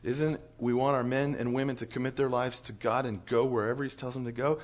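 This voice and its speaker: A man on church staff telling a lively story to church leaders, chuckling as he goes. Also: medium pitch, fairly quick, hardly any pauses. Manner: animated storyteller, chuckles through his story.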